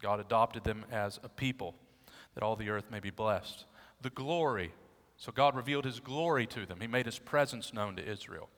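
A man's voice: fairly low pitch, moderate pace, fairly bright tone. A man preaching an expository sermon, teaching emphatically and asking his listeners rhetorical questions. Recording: long hall reverb.

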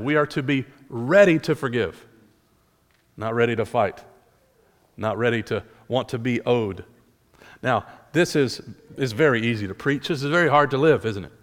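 Preaching man in a reverberant hall. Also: mid-range voice. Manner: earnest preaching with rhetorical questions and restarts. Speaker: pastor. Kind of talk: sermon.

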